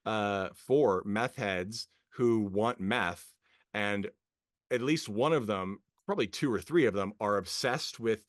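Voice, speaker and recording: A man's voice: mid-range voice, no room sound. Rambling amused man, dry sound. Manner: rambling, hesitant, many fillers and restarts; animated, amused, laughing often. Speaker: podcast co-host. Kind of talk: casual film review chat.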